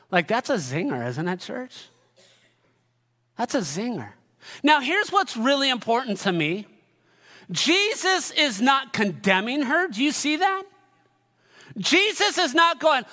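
A man preaching with emphatic, searching delivery in a very high, bright voice. He often calls out to the congregation. Long reverb trails his words across a large sanctuary. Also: sing-song, unhurried. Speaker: pastor. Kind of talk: sermon.

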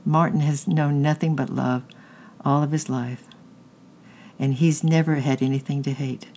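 A caring mother who speaks gently and explains things patiently, as a narrator puts her on. Her voice sits in a middling pitch, with a faint rumble underneath. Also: fairly even intonation, a little slow, natural voice. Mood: gentle. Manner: gentle, reasoning.

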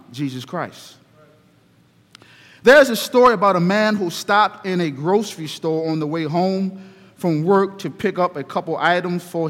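Male pastor, sermon, unhurried storyteller; high voice, long church echo. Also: a bit bright. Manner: slow, deliberate storytelling. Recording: reverberant hall.

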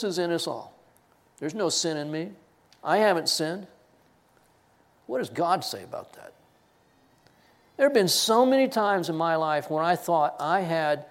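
Male pastor with a high voice, giving a lively sermon with stories and laughter. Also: normal speed, long pauses. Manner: animated storytelling with laughs and quoted voices.

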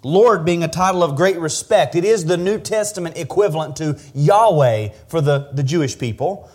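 Earnest higher-voiced male preacher. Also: expressive, moderate pace, darkish tone, breathy edge. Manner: earnest, repeats words when restarting. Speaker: pastor. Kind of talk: expository sermon.

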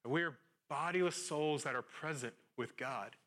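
Male pastor with a somewhat high voice, earnest sermon delivery that swings between loud exclamations and quiet, low-voiced reflection. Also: unhurried.

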